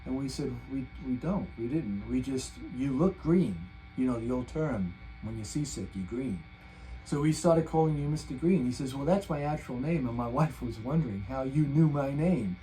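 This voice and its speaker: A man's voice: medium pitch, animated, moderate pace, mellow, rough recording. An older man hosting his own guitar channel, telling a long rambling story in casual chat with many restarts. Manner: chatty, meandering, full of restarts. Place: home room, guitar nearby.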